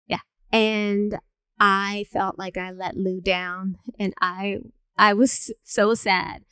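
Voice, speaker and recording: Chatty woman moderating a panel, smooth voice. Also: mid-range voice, takes it slowly, dry recording. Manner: chatty, lively, with many fillers. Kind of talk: panel storytelling.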